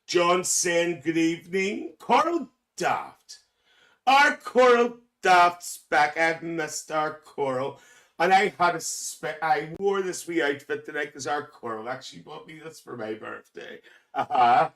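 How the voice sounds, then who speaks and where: A man plays a cheeky, gossipy older auntie while hosting a live stream in character, calling everyone dear and laughing often. His voice runs on the high side at a measured pace, fairly bright in tone, and the mic sits distant.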